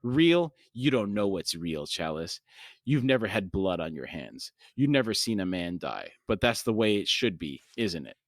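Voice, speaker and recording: A man reading the lines of a bitter young male street thief from a fantasy novel, with a slight lift in pitch. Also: big pitch swings, moderate pace, no echo, clean studio sound, heavily acted.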